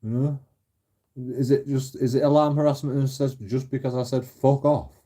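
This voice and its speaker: Husky man ranting casually. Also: mid-range voice, flat delivery, brisk, dark tone. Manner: swears freely, laughs often, rambling with restarts. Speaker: channel host.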